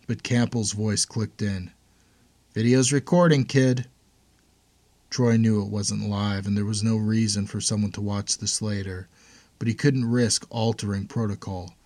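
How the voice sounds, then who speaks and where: A man reading a fiction story aloud in a measured, tense storytelling manner. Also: on the low side, a little mellow, dry recording. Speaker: narrator. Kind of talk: scripted fiction narration.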